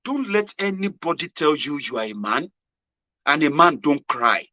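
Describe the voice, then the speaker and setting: A fairly high-voiced man with a Nigerian accent talks in a casual, animated monologue, breaking into Pidgin. His tone is bright and forceful, and he swings between loud outbursts and quiet murmurs. The recording is dry and a little dull. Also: normal speed, dry recording. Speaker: political commentary host. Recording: dull lo-fi sound.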